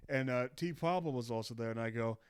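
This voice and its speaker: A man's voice: mid-range voice, a little fast, clear, resonant tone, no room sound. A man co-hosting a comedy podcast, telling stories and swearing casually. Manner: storytelling, swearing, recounting others' words. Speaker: podcast co-host.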